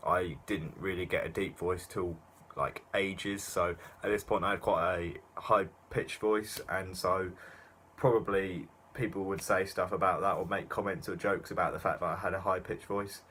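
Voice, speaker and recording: Low-voiced young man rambling. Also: fairly even intonation, normal speed, fairly bright tone, slight background noise. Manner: rambling, self-mocking, lots of fillers. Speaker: YouTuber. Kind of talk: casual reaction commentary.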